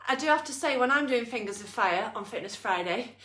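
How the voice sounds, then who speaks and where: A woman's voice: fairly high pitch, lively intonation, brisk, sharp tone, reverberant. A woman leading an online exercise class, out of breath, upbeat and encouraging as she counts down. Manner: upbeat coaching, counting down and cheering on. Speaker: fitness instructor.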